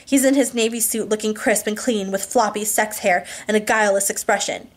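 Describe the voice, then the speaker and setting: A woman reading a novel aloud in the first person, slowing for emphasis, adding small asides and fixing words she stumbles on. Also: mid-range voice, steady tone.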